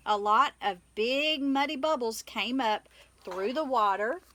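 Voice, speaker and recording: Bright-voiced woman reading a children's story. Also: on the high side, unhurried. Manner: expressive, animated. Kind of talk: children's picture book reading.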